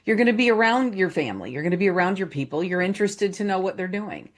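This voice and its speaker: A woman's voice: medium pitch, animated, fast. A woman hosting a casual interview, speaking in a conversational, musing way. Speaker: host.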